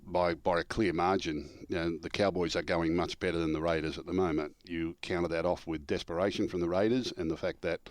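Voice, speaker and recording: A man's voice: low-pitched, brisk, few pauses, dry recording. An older man, a former coach telling stories in casual chat, acting out the dialogue and laughing through the punchlines. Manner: animated storyteller, acts out quoted dialogue, laughs through punchlines. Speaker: former coach and show regular.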